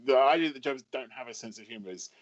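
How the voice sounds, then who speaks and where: A man in his fifties from England, a writer talking as a podcast guest, telling wry, self-mocking stories in an animated way. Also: mid-range voice, racing, highs cut off, crowd noise. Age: 50s. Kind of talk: casual podcast chat.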